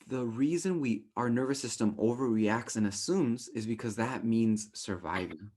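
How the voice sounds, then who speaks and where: A young man teaches a relationship class in a loose, animated way, checking in with listeners by asking "right?". His voice sits at a middle pitch, and he slips into playful voices to act out his own quoted thoughts. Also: normal speed. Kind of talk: casual teaching talk.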